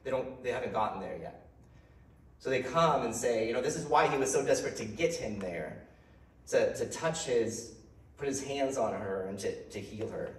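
A man's voice: medium pitch, expressive, normal speed, far from the mic. A man preaching a conversational sermon, restarting and repeating words as he talks, with light laughs. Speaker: pastor. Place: church hall. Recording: roomy hall sound from off-mic.

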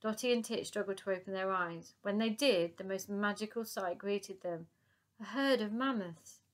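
A woman's voice: medium pitch, normal speed. Woman reading a children's story. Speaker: narrator. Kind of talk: reading a children's book aloud.

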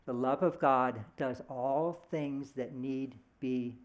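A man's voice: medium pitch, fairly even intonation, slow pace. A middle-aged man giving a sermon in a conversational, storytelling way, slipping into short voiced quotes. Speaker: speaker at a church service.

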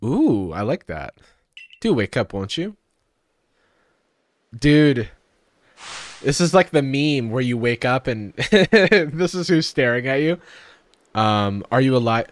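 A man's voice: mid-range voice, big pitch swings, slow pace, long pauses. A man hosting a live stream, chatting casually and jokingly while playing a game. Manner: chatty and jokey, lots of fillers. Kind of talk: casual gameplay commentary.

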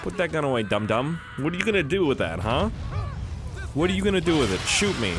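Excitable young man yelling over gameplay. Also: on the high side, brisk, over music. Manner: excitable, swears, yelps when panicked. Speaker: gaming YouTuber. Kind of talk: let's play commentary.

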